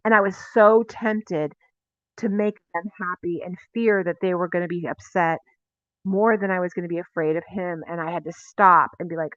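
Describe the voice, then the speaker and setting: A woman's voice: fairly low pitch, moderate pace, fairly bright tone, no echo, highs cut off. A woman teaching a casual, conversational sermon, often turning to ask her listeners questions. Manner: conversational, confessional, asks the audience questions. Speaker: teacher of a Messianic Bible teaching.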